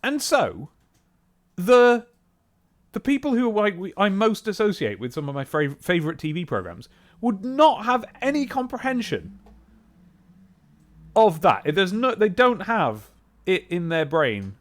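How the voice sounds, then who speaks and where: Rambling man with a lively voice. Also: high-pitched, measured pace, long pauses. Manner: rambling, self-interrupting, chatty. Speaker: game streamer. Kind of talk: casual live-stream chat.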